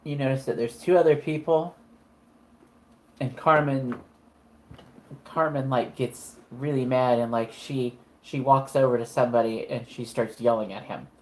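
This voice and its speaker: A man's voice: mid-range voice, steady tone, a little slow, a little mellow, rough recording. Male game master, casual rambling narration full of fillers. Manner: rambling, heavy use of fillers.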